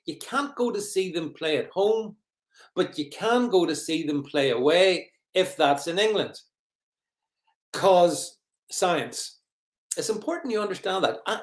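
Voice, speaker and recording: Mocking live-stream host, high-pitched male voice, rambling sarcasm, echoey room. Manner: rambling, mocking, greets viewers. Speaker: livestream host.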